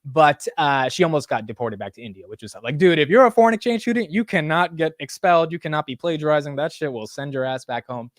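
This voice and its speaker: A man's voice: fairly high pitch, animated, quick pace, few pauses, dry recording, studio quality. A man hosting a live stock market show in casual commentary, rambling and blunt with casual swearing.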